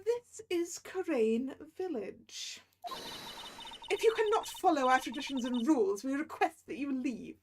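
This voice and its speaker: A woman reading out a stern old village matriarch in a visual-novel game, high-voiced and unhurried. She speaks each word slowly and formally, like someone used to being obeyed. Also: animated, background noise. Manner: slow, formal, measured.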